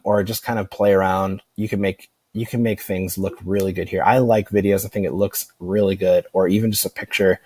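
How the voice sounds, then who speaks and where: A man walking through a software tutorial in a relaxed, rambling way, with plenty of fillers and restarts. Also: fairly low pitch, no room sound. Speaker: online marketing instructor. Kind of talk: casual screen-recorded software tutorial.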